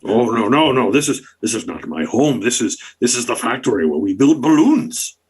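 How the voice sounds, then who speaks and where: A man's voice: medium pitch, very animated, moderate pace, a little mellow, husky. A man playing a stammering, fawning frog-folk duke. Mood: flustered. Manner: stammering, over-polite, bowing and scraping. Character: fawning male frog-person duke, flustered and florid.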